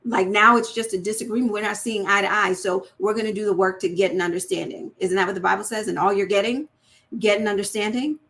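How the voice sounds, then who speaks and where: A woman's voice: mid-range voice, fairly even intonation, fast talker, creaky, few pauses, pushed and bright. A woman hosting a candid, faith-based talk on marriage, speaking earnestly and conversationally and acting out example phrasings in shifting tones. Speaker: host of a faith-based women's channel.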